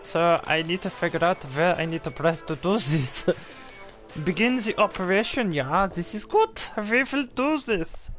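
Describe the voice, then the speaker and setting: A man voicing a bumbling, flustered male surgeon in a put-on German accent, loudly cursing and muddling through a game. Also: sits high, animated, unhurried, faint music behind. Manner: loud, exasperated, swearing at objects. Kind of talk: gameplay commentary in character.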